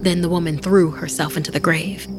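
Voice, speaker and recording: A woman hosting a podcast, narrating a spooky tale in a scripted, hushed manner that often drops to a whisper. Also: lowish voice, fairly even intonation, a little fast. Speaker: podcast host and storyteller. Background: music bed.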